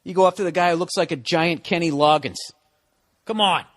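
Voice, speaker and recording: Guy ranting solo, swearing a lot, sarcastic, kinda high voice. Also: fairly quick. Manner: profane, sarcastic ranting with mocking put-on quotes. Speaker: podcast host. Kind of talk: ranting monologue.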